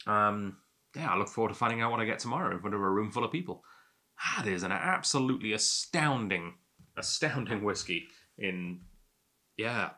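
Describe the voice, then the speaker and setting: Host voice: man, a bit low, bright tone, rambling and self-amused tasting chat. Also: animated, moderate pace. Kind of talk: casual tasting monologue.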